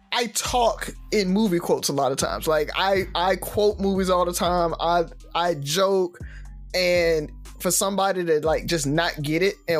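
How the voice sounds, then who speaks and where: A man co-hosting a podcast, talking in a relaxed, rambling way with plenty of restarts. Faint music plays underneath. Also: a little high. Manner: rambling, hesitant with many restarts. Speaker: podcast co-host. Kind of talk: casual chat.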